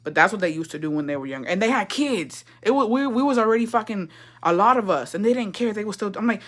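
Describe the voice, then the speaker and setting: A young woman from Texas telling family stories in a casual chat, animated and profane, acting out what people said. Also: medium pitch, fast. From Texas, USA. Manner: profane, animated, gossipy, acts out quotes. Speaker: storyteller.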